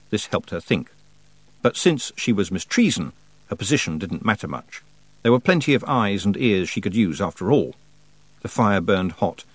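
A man reading an audiobook in measured scripted narration. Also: on the low side, no room sound. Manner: measured storytelling.

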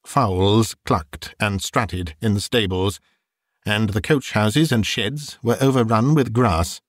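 A man narrating a classic novel as an audiobook, in expressive, measured storytelling. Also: lowish voice, dry recording, studio quality.

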